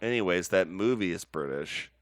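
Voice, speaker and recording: Smooth-voiced man chatting on a podcast. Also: sits low, lively intonation, moderate pace, no room sound. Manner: rambling, laughing, profane. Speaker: podcast co-host. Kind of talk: casual podcast chat.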